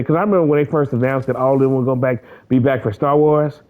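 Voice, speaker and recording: A man's voice: mid-range voice, fast, phone-quality sound. A man chatting casually while gaming, rambling and cursing, often breaking into laughter. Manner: animated, laughing, rambling, profane.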